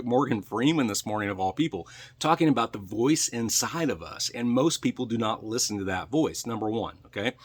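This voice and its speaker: A man, a real estate coach, giving an earnest, preachy motivational talk to his viewers and repeating phrases for emphasis. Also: mid-range voice. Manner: speaks to viewers directly, with frequent "right?" check-ins. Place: in his truck.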